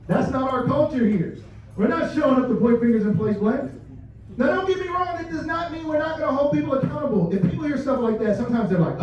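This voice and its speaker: A man with a high voice tells stories and talks directly to the people listening, chuckling now and then at his own anecdotes. He sounds far from the microphone, in a very reverberant room with a dull, muffled tone. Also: expressive, a little fast. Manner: storytelling, addresses the audience directly, laughs at own stories. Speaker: company leader giving a culture talk. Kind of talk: motivational talk to a live audience. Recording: distant mic, dull and echoey room sound.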